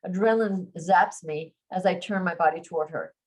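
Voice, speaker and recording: A woman's voice: lowish voice, normal speed, a little mellow, poor audio. Woman author reading her romance novel.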